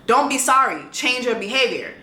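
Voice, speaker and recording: A woman's voice: fairly high pitch, lively intonation, normal speed, bright, forceful tone, reverberant. A woman, telling a dating story in a vlog in a blunt, sassy way and reading texts aloud.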